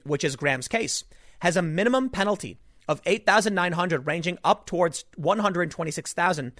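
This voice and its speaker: A man's voice: a little high, no echo, clean studio sound. Emphatic man delivering political commentary. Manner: animated, emphatic, rhetorical asides.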